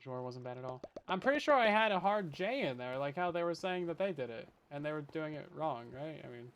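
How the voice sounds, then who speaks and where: A man's voice: fairly high pitch, animated, a little fast, hardly any pauses, fairly bright tone, smooth. A young man from Canada streaming a survival game, chatting with viewers in a jokey, self-deprecating way from his bedroom. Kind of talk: casual gameplay commentary. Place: hot bedroom.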